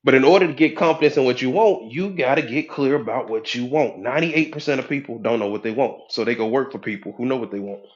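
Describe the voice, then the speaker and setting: A man giving a preachy, animated motivational talk as a life coach, acting out the voices of people he quotes. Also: medium pitch, fast, few pauses, highs cut off. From United States.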